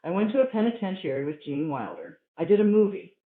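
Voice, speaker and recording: A man doing a stand-up routine, telling stories in a profane, animated way. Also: high-pitched, fast. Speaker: stand-up comedian. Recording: tinny, roomy live recording.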